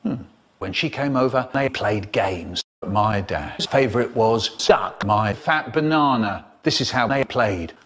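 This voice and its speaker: Slow theatrical male storyteller. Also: lowish voice, animated, a bit bright. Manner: theatrical, drawn-out, exaggerated pauses and voices. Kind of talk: comic storytelling, spliced into a remix.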